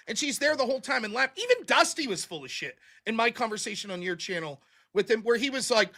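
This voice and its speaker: A man's voice: high voice, animated, a little fast, bright, forceful tone. A man, a guest on a stream, chatting casually and animatedly, acting out what others said in raised voices. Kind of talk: casual chat.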